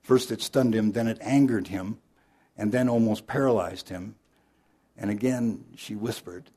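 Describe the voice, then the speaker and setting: A male pastor preaching an Easter sermon, telling a story dramatically and moving between loud emphasis and hushed, earnest appeals. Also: on the low side, a little slow.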